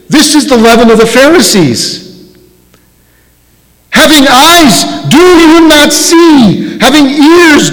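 A man's voice: very high voice, fairly bright tone, voice pushed up. A man voicing a patient male teacher who questions his followers earnestly. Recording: long hall reverb.

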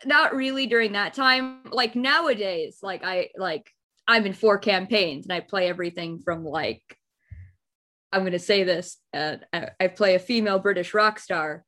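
Bright-voiced chatty young woman. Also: mid-range voice, normal speed. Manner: chatty, rambling, with laughing asides. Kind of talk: casual podcast chat.

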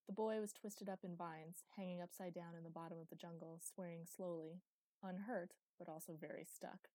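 A young woman reading a story aloud in an even, unhurried narration. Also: lowish voice, dry recording. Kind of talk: audiobook narration.

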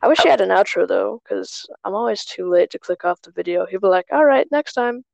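A woman's voice: mid-range voice, steady tone, quick pace, creaky, darkish tone, dry recording. A woman hosting a casual chat over a phone call, asking easygoing questions. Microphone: phone on a group call.

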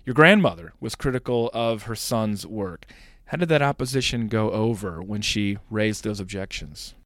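A man's voice: lowish voice, expressive, normal speed, fairly bright tone, no echo, studio quality. A man hosting a podcast, reading a scripted introduction and asking questions. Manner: reads quotes formally. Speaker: podcast host.

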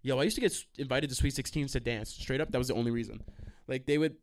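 A young man hosting a podcast, telling stories in a casual, rambling way, swearing freely and breaking into quick asides and restarts. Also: mid-range voice. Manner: animated, profane, trails into quick asides and restarts. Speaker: podcast host.

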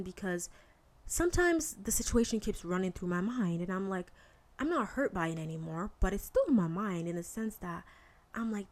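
A woman hosting a podcast and giving a casual faith talk monologue, candid and animated, with slangy asides. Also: mid-range voice, a little fast. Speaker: podcast host.

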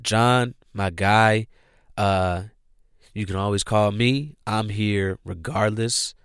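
A man's voice: fairly low pitch, slow pace, fairly bright tone, clear, resonant tone, dry recording, clean studio sound. A man hosting a casual podcast, laid-back and slangy, rambling with lots of restarts. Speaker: podcast host. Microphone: podcast microphone.

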